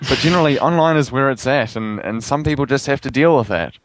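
A man's voice: mid-range voice, expressive, no room sound, poor audio. Male co-host, New Zealand accent, loose rambling delivery, dry recording. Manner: rambling, laughs often, reads articles aloud haltingly. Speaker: podcast co-host. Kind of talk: casual gaming podcast chat.

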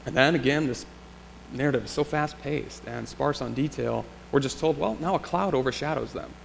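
Gravelly-voiced male pastor in a reverberant church. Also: mid-range voice, normal speed. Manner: reflective, conversational preaching with rhetorical questions. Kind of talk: sermon. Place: church sanctuary. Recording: long church reverb, faint hum.

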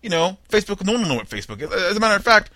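A young man hosts a comedy news show, his bright, forceful voice swooping up and down as he reads each headline. He drops wry asides and slips into mock-dramatic voices for the people in the stories. The recording is dry and close, with almost no room sound. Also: high voice, sing-song, racing, no echo. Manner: wry, jokey asides while reading headlines. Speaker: podcast host.

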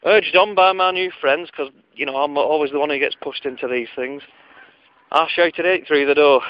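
A man's voice: a little high, normal speed, dry recording. A man telling a comic story from his childhood in a wry, digressive, self-mocking way, on a lo-fi recording.

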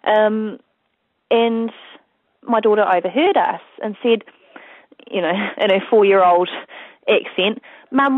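A woman's voice: medium pitch, no echo. A woman, a parent talking as an interview guest in a chatty, storytelling way. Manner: chatty, storytelling, full of "you know". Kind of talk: casual interview chat. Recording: tinny phone line, dry.

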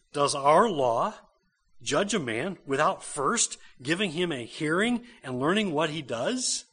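A man's voice: a little high, a bit bright, husky. A man, a pastor, preaching a conversational sermon to a church congregation.

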